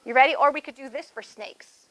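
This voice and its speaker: A woman's voice: high-pitched, fairly quick, fairly bright tone, poor audio. A young adult woman guiding a children's yoga class with playful, sing-song encouragement.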